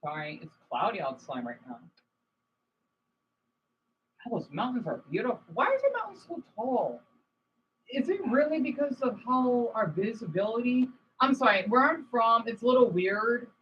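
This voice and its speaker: A man's voice: extremely high pitch, big pitch swings, moderate pace, husky, lo-fi sound. A man chatting casually on a livestream from home, rambling between topics and swearing now and then.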